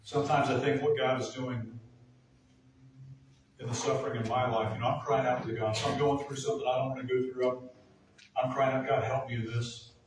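A man's voice: mid-range voice, steady tone, brisk, pauses often, slight background noise. Earnest male pastor preaching in an echoey hall. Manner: earnest, builds to emphatic peaks. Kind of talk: sermon. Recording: echoey room from far off.

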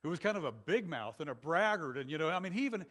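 A male pastor giving a sermon in a conversational, animated style with many asides to the congregation. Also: a little high, fast talker.

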